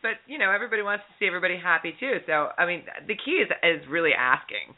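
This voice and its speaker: A man hosts a podcast chat in a slightly high, upbeat voice, encouraging his guest. The sound comes through thin and narrow, like a phone. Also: animated, fast. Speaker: podcast host. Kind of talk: casual podcast interview.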